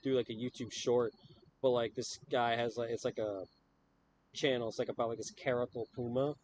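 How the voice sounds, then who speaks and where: A man's voice: mid-range voice, steady tone, fairly quick, darkish tone, a little hiss or hum. A man hosting a podcast in casual chat, rambling with lots of filler words and laughing often. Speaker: podcast host.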